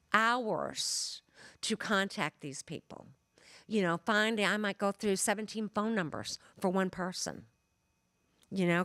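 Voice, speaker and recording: A woman's voice: on the low side, clear, resonant tone, no echo, studio quality. A woman from Michigan with a Midwestern accent, giving a chatty, storytelling lecture as a genealogist. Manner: chatty, storytelling, with many fillers. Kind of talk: conversational lecture.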